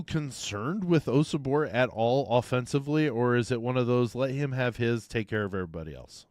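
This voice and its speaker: A man co-hosting a sports podcast, talking in a loose, rambling way with lots of restarts and fillers. His voice sits in an ordinary middle pitch. The sound is dry and close, with no room around it. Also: a little fast, few pauses, a little mellow, no echo. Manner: rambling, self-correcting, frequent uh fillers. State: hiccups. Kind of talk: casual sports chat.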